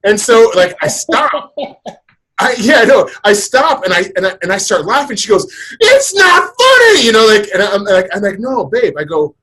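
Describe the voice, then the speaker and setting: A man's voice: sits high, expressive, moderate pace, fairly bright tone, slightly rough, rough recording. A man in his thirties hosting a podcast, chatting casually and telling stories in a rambling way with many restarts. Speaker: podcast host.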